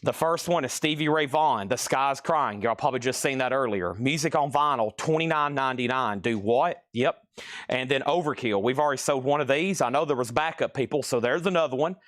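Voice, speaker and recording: A man hosts a live-streamed record sale, chatting quickly through prices and buyer names while sounding a bit out of breath. His voice is medium-pitched and a bit bright, captured in a dry, studio-quality recording.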